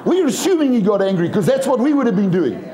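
Higher-voiced English preacher. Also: male voice, big pitch swings, quick pace, warm tone. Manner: preaching with humor and storytelling. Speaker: pastor. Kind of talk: sermon.

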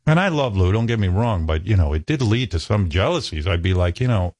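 A man's voice: low voice, very animated, fairly quick, few pauses, a little mellow, no echo, clean studio sound. A man telling stories from his own life in a casual, self-mocking way, acting out other people's lines. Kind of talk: casual storytelling chat.

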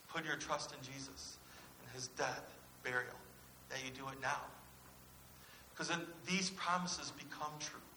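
In a church sermon, a pastor with a high-leaning, bright, forceful voice earnestly puts questions to the people before him. The audio has church echo and a faint hiss.

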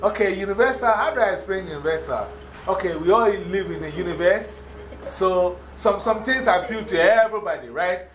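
A man with an African accent speaks to a class of schoolchildren in a fairly high voice. He lays out his points emphatically, repeats them and keeps asking whether everyone understands. Faint room noise sits under his voice. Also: brisk, low-quality recording. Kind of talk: motivational classroom talk.

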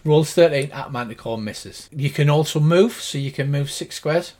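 Wry game master. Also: male voice, fairly high pitch, normal speed, darkish tone. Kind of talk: narrating a tabletop game.

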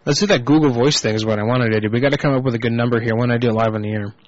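Profane, rambling prank-call show host. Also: male voice, mid-range voice, steady tone, very fast. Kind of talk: casual live show banter. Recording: muffled lo-fi internet radio.

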